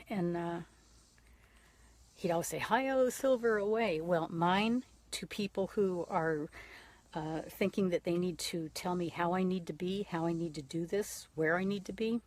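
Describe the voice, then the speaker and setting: A woman's voice: lowish voice, fairly even intonation, measured pace, dry recording. A woman in her fifties hosting a casual livestream, talking frankly and profanely straight to her viewers. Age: 50s. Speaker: livestream host.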